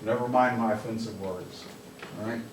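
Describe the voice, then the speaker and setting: A man giving a live police training talk to an office audience, blunt and joking, shouting commands when he acts them out. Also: lowish voice, fairly even intonation, normal speed, a little hiss or hum. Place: office meeting room with audience. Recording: echoey room, mic from a distance.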